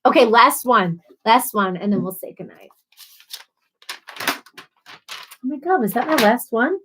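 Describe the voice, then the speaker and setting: A woman's voice: medium pitch, expressive, measured pace, pauses often, fairly bright tone, rough recording. A woman hosting a casual livestream, reading viewer comments aloud and chatting in a bubbly, chatty way. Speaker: livestream host.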